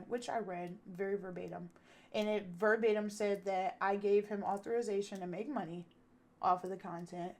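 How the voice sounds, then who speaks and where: A woman's voice: medium pitch, fairly even intonation, fairly quick, a little mellow. Candid, profane woman telling a story. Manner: candid, profane, acts out quotes. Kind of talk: casual storytime.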